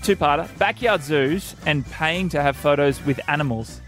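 A wisecracking man hosts a comedic radio show from the studio, his voice sitting a little high for a man. He jokes with quick delivery, and faint music runs softly beneath him. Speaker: radio host.

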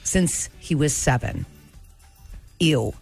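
A woman co-hosting a show, telling family gossip in a casual, animated way. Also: low-pitched, slow, gravelly, husky, faint music behind. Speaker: radio show co-host. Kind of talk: casual chat.

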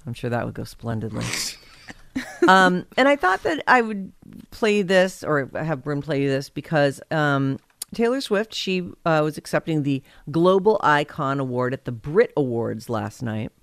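A woman's voice: deep voice, sing-song, unhurried, gravelly, no echo. A woman hosting a casual talk show, chatty and wry with playful sarcasm. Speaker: host. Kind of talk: casual chat show banter.

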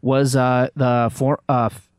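A man hosting an interview, asking questions in a hesitant, halting way. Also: mid-range voice, flat delivery, smooth, no room sound, studio quality. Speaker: interview host. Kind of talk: casual interview.

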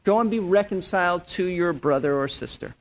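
A man's voice: high-pitched, fairly quick. A middle-aged man preaching verse by verse in an earnest way, repeating words and acting out the people he quotes. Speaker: pastor. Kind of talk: verse-by-verse sermon.

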